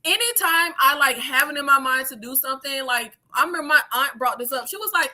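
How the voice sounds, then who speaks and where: A woman in her thirties chatting casually on a livestream in an animated way, swearing freely, laughing and using many fillers. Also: high-pitched, brisk, few pauses. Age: 30s. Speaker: YouTube creator.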